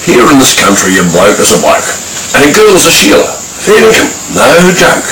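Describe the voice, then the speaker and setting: A man's voice: a little high, very animated, normal speed. A man with an Australian accent reciting rhyming bush poetry in a rhythmic, sing-song way, full of slang. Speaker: bush poet. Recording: echoey, distant, noisy ambience.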